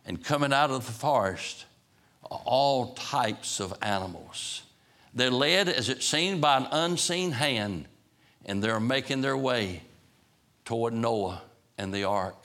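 A male preacher retells a story with dramatic, building emphasis. His voice is bright and forceful, set at a middle pitch. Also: expressive, slow.

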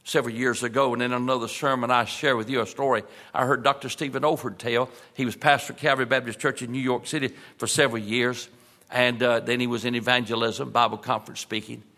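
Folksy preacher in a reverberant sanctuary. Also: male voice, mid-range voice, level tone. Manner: folksy preaching, slows for emphasis, drops soft at key points. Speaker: pastor. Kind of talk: sermon. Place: large church sanctuary. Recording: long reverb of a church hall.

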